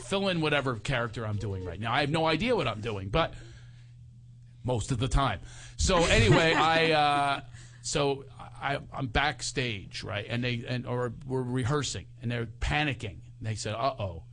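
A man, a comedian guest, telling comic stories in conversation with an animated, self-mocking manner and frequent laughter. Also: medium pitch, moderate pace, a little hiss or hum.

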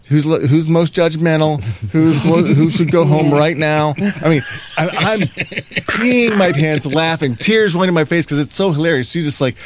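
Animated, laughing middle-aged male radio host. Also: on the high side. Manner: animated storyteller, laughs a lot. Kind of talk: morning radio banter.

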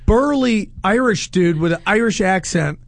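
A man casually telling a story on a podcast, animated and swearing a lot, acting out the voices of the people in it. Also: high-pitched, moderate pace, gravelly, dry recording. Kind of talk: casual chat.

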